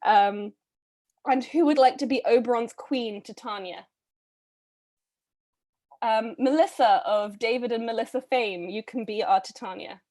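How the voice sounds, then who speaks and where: Woman host, slightly high voice, brisk and chatty on a video call. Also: a little mellow. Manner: chatty, brisk, with frequent ums and little laughs. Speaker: read-a-thon host casting readers. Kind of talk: casual live-stream casting call.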